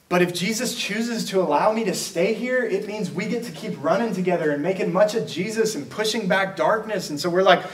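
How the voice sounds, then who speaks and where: A man preaching a sermon as a pastor, talking in a conversational way and acting out quoted exchanges. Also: high-pitched. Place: church auditorium. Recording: roomy, from a distance.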